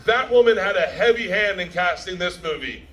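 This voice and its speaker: Brash laughing comedian telling a story. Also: male voice, high-pitched, expressive, moderate pace, a bit bright, highs cut off. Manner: brash, profane, laughing storyteller who acts out quotes. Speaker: comedian giving a premiere speech. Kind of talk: stand-up style storytelling speech.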